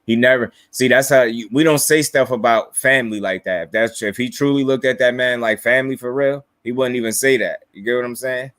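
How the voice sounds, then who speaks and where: A man's voice: mid-range voice, fairly quick, few pauses, a bit bright, dry recording. A man from New Jersey with a New Jersey accent, hosting a casual boxing live stream, laid-back and slangy, chuckling as he reads viewer comments. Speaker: boxing livestream host.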